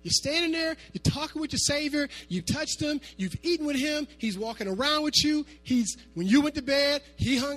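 A man preaching a sermon to his congregation, animated and conversational, dropping to quiet asides and then climbing to loud, emphatic peaks. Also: very high voice, moderate pace, few pauses, soft background music. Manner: animated, swinging from soft asides to shouting. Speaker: pastor.

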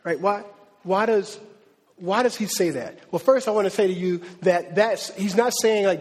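A man preaching a sermon as a pastor, in a conversational, animated style with slangy asides. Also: high-pitched, a little fast. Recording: reverberant hall.

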